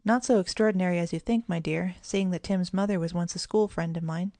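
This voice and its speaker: A woman voicing a sensible, kindly mother of two children, speaking gravely and gently. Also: on the low side, fairly even intonation, brisk, dry recording, close to an everyday voice. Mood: gentle.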